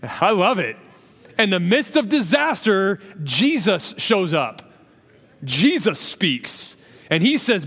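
A pastor preaching a sermon in a church, animated, calling on his congregation to answer and speak along, with joking asides. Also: sits high, slow pace. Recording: long reverb of a large hall.

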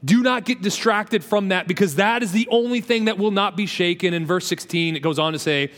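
A pastor preaching a sermon in a church, animated, calling on his congregation to answer and speak along, with joking asides. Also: sits high, brisk. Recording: long reverb of a large hall.

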